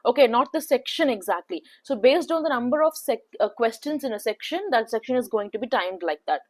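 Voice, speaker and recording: A woman's voice: on the high side, lively intonation, a little fast, darkish tone. A young woman with an Indian accent talking through test practice in a casual, filler-heavy way, often checking in with "okay". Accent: Indian English. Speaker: placement test tutor. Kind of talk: casual spoken tutorial.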